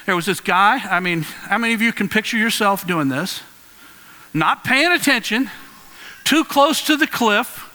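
Bright, high-voiced preacher in a reverberant hall. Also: male voice, normal speed. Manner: earnest, conversational, animated storytelling. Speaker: pastor. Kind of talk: sermon.

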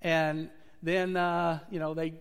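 A man's voice: on the high side, little pitch movement, slow pace, vocal fry, clear, resonant tone. A man preaching a sermon in a church sanctuary, telling stories earnestly and swelling and dropping his volume. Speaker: pastor. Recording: long reverb of a church hall.

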